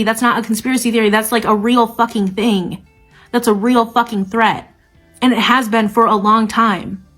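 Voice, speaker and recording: A woman's voice: on the high side, fairly bright tone. A woman giving an angry, emphatic political rant to her phone camera as a TikTok creator, swearing often.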